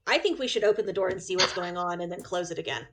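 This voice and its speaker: A woman playing a tabletop game, chatty and quick to laugh. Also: on the low side, fairly bright tone, slight background noise. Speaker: player. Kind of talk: casual chat at a gaming table.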